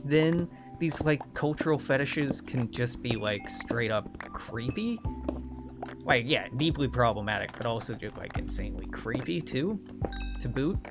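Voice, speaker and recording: Sardonic, profane young man rambling. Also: mid-range voice. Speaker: gaming channel host. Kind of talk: casual rambling commentary over gameplay. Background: background music.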